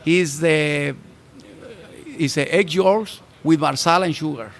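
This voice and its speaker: Chef from Mexico, gravelly voice, halting English, interviewed outdoors on a rooftop. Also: male voice, fairly high pitch. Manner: halting, broken English with restarts. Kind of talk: casual interview. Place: restaurant rooftop bar, outdoors.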